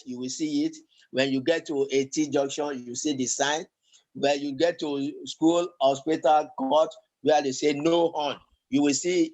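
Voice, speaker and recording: A man teaching a language lesson, talking slowly and haltingly, with many fillers and repeated words. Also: medium pitch, a little mellow, low-quality recording. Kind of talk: classroom lesson.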